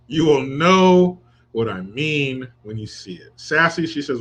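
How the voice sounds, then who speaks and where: A man's voice: fairly high pitch, animated, a little slow, hardly any pauses. A man hosting a political commentary livestream, crude, sarcastic and mocking, reading viewer comments. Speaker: host reading live chat.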